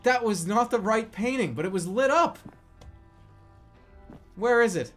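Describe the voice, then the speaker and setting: Male game streamer, high pitch, unhurried delivery, goofy and repetitive, laughs a lot. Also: animated, a bit bright, faint music behind. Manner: jokey, repeats phrases, laughs often. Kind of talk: live gameplay commentary.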